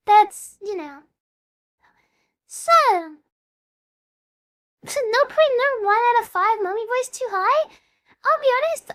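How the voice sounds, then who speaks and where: A woman's voice: very high-pitched, a bit bright. A woman in her twenties chatting casually on a live stream, rambling and self-deprecating as she greets her chat. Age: 20s. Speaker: VTuber streamer.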